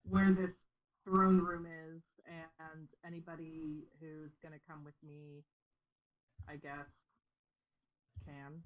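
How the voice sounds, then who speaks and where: A woman's voice: deep voice, level tone, slow, pauses often. A woman playing a tabletop game, organizing the group with hesitant fillers. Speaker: player. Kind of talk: casual game chat. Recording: dull lo-fi mic.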